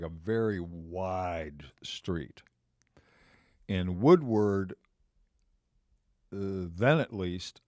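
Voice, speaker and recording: A man's voice: low-pitched, dark tone, no echo, studio quality. A man around seventy, hosting a podcast, telling a long personal story in a casual, rambling way that repeats phrases and circles back. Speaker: podcast host.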